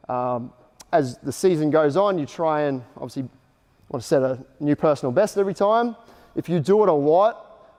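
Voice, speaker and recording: A man's voice: on the high side, darkish tone. Male coach in an echoey gym. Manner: explains drills in short casual instructions, then calls out quick drill cues. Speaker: basketball coach. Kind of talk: coaching clinic instruction. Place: indoor basketball court. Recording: echoey gym hall reverb.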